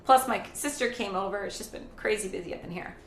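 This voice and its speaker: A woman's voice: mid-range voice, fast talker, roomy sound, a little hiss or hum. A woman hosting a casual charity live stream from her home kitchen. She chats while cooking, rambles, and greets viewers and reads their chat aloud.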